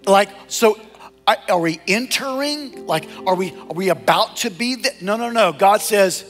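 A middle-aged man, a lead pastor preaching a sermon in an animated, exhorting way with repeated call-outs to the congregation. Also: high-pitched, measured pace, soft background music.

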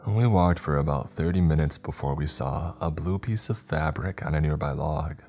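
Male horror narrator, extremely deep voice, steady delivery, faint music bed. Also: moderate pace. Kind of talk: scripted narration.

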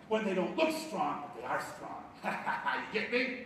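A male pastor from Ohio preaching a sermon, swinging between loud bursts and hushed asides. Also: high voice, huge pitch swings, normal speed, distant mic, a little hiss or hum. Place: church sanctuary. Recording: echoey hall, picked up from afar.

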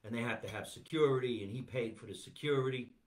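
A man's voice: medium pitch, fast talker. A man hosting a comedy podcast, chatting casually in a joking, crude, playful way.

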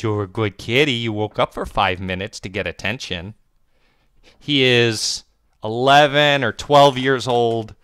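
A man's voice: lowish voice, fairly bright tone, smooth, no room sound, studio quality. A man streaming a game and chatting playfully, swearing freely and cooing baby talk. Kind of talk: casual live-stream chat. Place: home.

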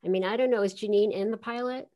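A woman's voice: medium pitch, steady tone, fast, mellow. An older woman from Queens, a voice actress, telling stories in a chatty, laughing way during a casual interview. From New York, Queens. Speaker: voice actress guest.

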